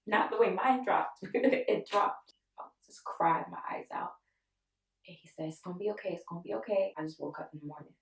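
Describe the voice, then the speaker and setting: Young woman, lowish voice, emotional storytelling, mic set back in a roomy space. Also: moderate pace, gravelly. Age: 20s. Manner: emotional, animated retelling with quoted voices. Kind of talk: personal storytelling. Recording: echoey room, voice from a distance.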